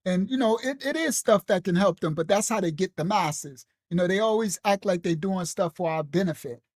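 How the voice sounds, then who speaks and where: Animated, chatty woman teaching on a live stream. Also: lowish voice, fairly quick, dry recording, clean studio sound. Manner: animated, repetitive, laughs often, talks straight to viewers. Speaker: ministry teacher. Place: at home on a late-night live stream.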